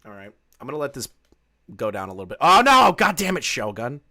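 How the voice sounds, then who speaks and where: A man's voice: mid-range voice, big pitch swings, fast talker, pushed and bright. A man doing live-stream commentary, ranting with lots of swearing and frequent laughter. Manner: profane, ranting, laughs often.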